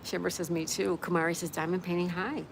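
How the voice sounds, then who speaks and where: A woman's voice: lowish voice, flat delivery, fast talker, creaky, background noise. A middle-aged woman hosting a casual livestream, reading out viewer comments in a chatty, friendly way. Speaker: livestream host.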